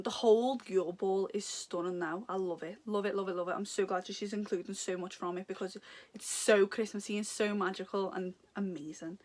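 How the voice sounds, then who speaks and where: A young woman talks her way through an unboxing in a loose, casual chat. She gushes over each item, giggles often and drifts off topic. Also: medium pitch. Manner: chatty and giggly, rambling off topic, gushing. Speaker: vlogger unboxing a subscription box.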